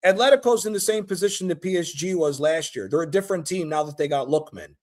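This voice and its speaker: High-voiced man ranting, animated and profane. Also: fast talker. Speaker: host. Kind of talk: casual football chat stream.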